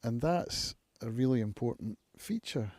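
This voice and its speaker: Mellow-voiced man musing aloud. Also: medium pitch, animated, no room sound. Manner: reflective, musing, thinks aloud with pauses. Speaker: channel host, recovering alcoholic. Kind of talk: casual live-stream monologue.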